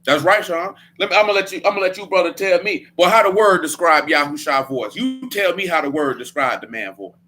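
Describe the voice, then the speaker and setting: A man's voice: high voice, brisk, few pauses, sharp tone, faint music behind. A man leading a Bible study in a casual preaching style, blunt and emphatic, with a lot of slang.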